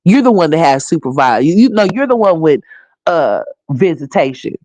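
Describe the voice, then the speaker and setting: A woman hosting a livestream, giving blunt, profane commentary and scolding directly, her voice hoarse. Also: low-pitched, sing-song, brisk, a little mellow, no room sound. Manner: blunt, scolding, profane, talks straight to viewers.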